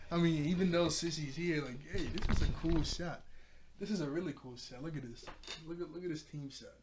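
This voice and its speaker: A man's voice: on the high side, a little fast, background noise. A man casually recapping a cartoon episode, rambling with lots of fillers and frequent laughter. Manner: rambling, laughs often, paraphrases characters loosely. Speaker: show reviewer.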